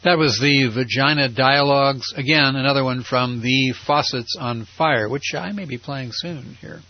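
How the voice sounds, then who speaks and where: A man hosting a radio show, talking casually with many pauses and fillers. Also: mid-range voice. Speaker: radio host. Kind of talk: casual commentary. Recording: dry, dull lo-fi.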